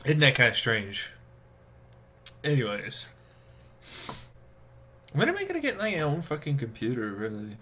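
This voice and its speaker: Bright-voiced man ranting on stream. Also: mid-range voice, wildly swooping pitch, a little slow, long pauses, slight background noise. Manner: profane, exasperated ranting with many fillers. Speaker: live streamer. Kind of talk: casual rambling stream talk.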